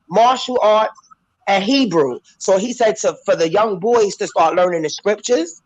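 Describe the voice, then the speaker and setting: A woman's voice: mid-range voice, measured pace, rough recording. A woman calling into a talk panel, speaking emphatically and emotionally, close to tears, preaching and acting out voices. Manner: emphatic, animated, switches into character voices. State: tearful, emotional.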